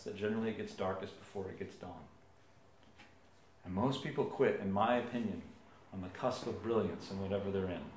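Animated pastor, roomy church sound. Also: male voice, on the low side, slight background noise. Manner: animated storytelling, big swings from hushed to loud. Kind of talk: sermon.

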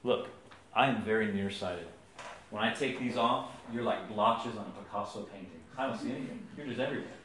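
A man in his thirties preaching a sermon, telling family stories with big swings from hushed to loud. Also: on the low side, fairly quick, roomy sound. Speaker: pastor. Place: church.

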